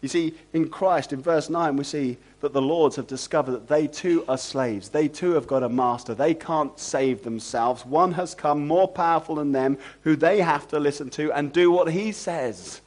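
A man preaching an expository sermon, animated and asking the congregation rhetorical questions. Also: fairly high pitch, moderate pace, hardly any pauses.

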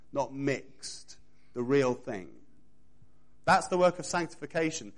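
A male preacher with a slightly higher-pitched voice delivers a sermon to his congregation. He leans on repetition and emphatic, rhythmic phrasing, addressing listeners directly.

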